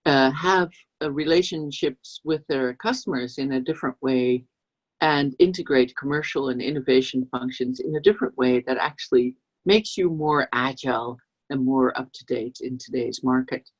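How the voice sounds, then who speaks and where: A woman coach explains ideas to camera in a husky voice and slips into short acted example voices as she goes. Her delivery is lively and expressive. The sound is muffled and low-fidelity. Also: moderate pace. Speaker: business coach and trainer.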